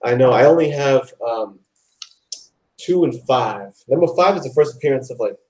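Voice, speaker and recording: A man hosting a live online talk show, chatting excitedly and rambling, with lots of "like" and "dude". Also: medium pitch, moderate pace, rough recording. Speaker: host. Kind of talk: casual chat.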